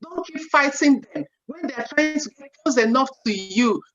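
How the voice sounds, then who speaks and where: Woman in her forties, a seminar speaker on parenting, lively and chatty, acts out quotes, high voice. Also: moderate pace. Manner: animated, acts out parent and child quotes, frequent "you know". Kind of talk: parenting talk. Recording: dull lo-fi sound.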